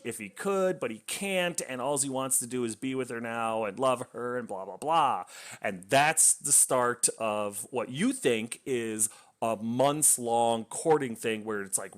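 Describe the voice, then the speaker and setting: A man reviewing a book, casually retelling its plot in a rambling way with lots of fillers and restarts. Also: medium pitch.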